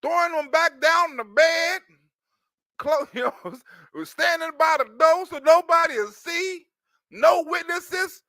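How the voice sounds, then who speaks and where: Stream host, man, very high and bright voice, loud jokey reactions, dry close mic. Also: a little slow, dry recording. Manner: loud, joking, laughs often, repeats himself. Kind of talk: casual stream commentary.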